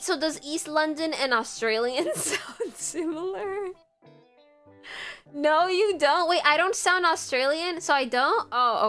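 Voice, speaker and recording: A woman's voice: high-pitched, sharp tone. A young woman hosting a livestream, chatting with viewers in a rambling, giggly way full of "like". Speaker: livestream host. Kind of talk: casual chat with viewers.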